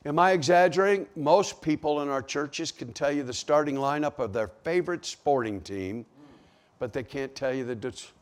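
A man's voice: a little high, moderate pace. A man preaching a sermon to a congregation, asking rhetorical questions as he goes. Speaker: pastor.

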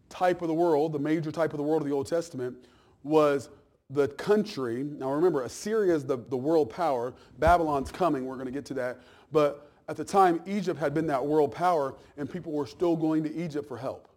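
A man, a pastor, preaching a conversational sermon, teasing the congregation and acting out little asides, swinging from loud emphasis down to quiet, low remarks. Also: moderate pace.

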